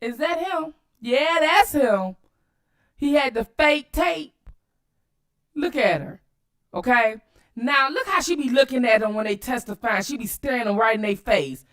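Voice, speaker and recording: Woman going off on clips for her channel, real swingy high voice, cussing a lot. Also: measured pace. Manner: animated, cussing, addresses viewers directly. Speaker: commentary channel host. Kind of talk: casual commentary while watching clips.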